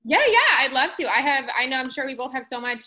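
A woman co-hosting a podcast in casual chat, blunt and quick to laugh. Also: sits high, sharp tone. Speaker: podcast co-host.

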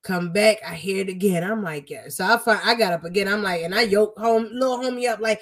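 A young woman co-hosting a podcast, telling stories in a profane, animated casual chat. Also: medium pitch, brisk.

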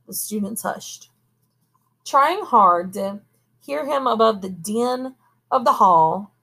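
A woman reading a novel aloud at a steady pace, now and then pausing to correct herself. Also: mid-range voice, gravelly, husky. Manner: steady reading with occasional coughs and self-corrections. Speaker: audiobook reader. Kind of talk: amateur audiobook reading.

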